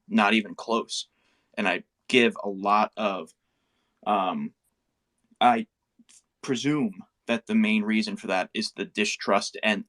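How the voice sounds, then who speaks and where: A man in an online community discussion, speaking in measured, halting phrases. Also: fairly low pitch, fairly bright tone.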